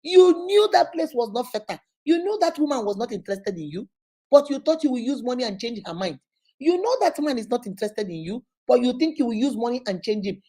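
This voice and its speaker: Middle-aged Nigerian woman vlogger, fairly high, warm voice, preachy advice chat. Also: expressive, fast. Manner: chatty, preachy, drops into pidgin and Igbo words. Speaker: vlogger giving relationship advice. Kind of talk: casual advice talk to followers.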